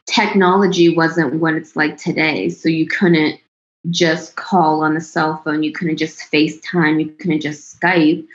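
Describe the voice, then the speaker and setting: A woman in her thirties with a somewhat low voice tells a personal story in a relaxed interview. She talks in a chatty way, laughs often and trails off before restarting. The recording is dull and lo-fi. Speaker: interview guest. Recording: dull lo-fi sound.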